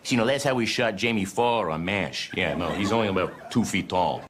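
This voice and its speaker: A man's voice: fairly low pitch, fairly quick, a bit bright, slight background noise, pitched below the performer's own voice, natural voice. A man impersonating a chipper older actor who rambles on.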